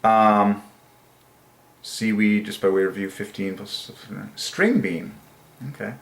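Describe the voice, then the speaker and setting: A man hosting his own channel, musing aloud in casual solo commentary, enthusiastic and repeating words to himself, sometimes in a sing-song higher voice. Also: steady tone, slow pace, pauses often. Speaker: channel host. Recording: echoey room.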